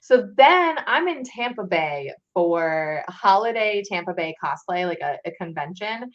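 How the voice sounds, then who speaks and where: A woman's voice: on the low side, unhurried, lo-fi sound. A woman in a casual chat, telling a story with lots of laughter and filler words. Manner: animated, laughing, many "like" fillers. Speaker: guest cosplayer.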